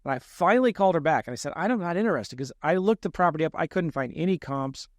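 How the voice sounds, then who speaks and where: A man with a fairly high voice tells a story on a podcast, mocking his younger self and acting out the other people's lines. The sound is dry and close, with no room echo. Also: fast. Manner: animated, self-deprecating storyteller who acts out quoted lines. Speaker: real estate investor guest.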